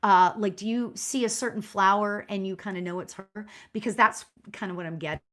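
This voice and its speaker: A woman's voice: medium pitch, fairly even intonation, fairly quick. A woman working as a spiritual medium, giving a live online reading in a chatty, encouraging way with lots of "you know" fillers. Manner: warm and encouraging toward viewers.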